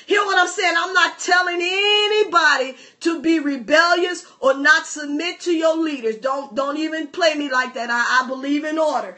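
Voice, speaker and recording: Fervent high-voiced woman preacher. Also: normal speed, hardly any pauses. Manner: fervent, shouting, calls to the congregation. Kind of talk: sermon.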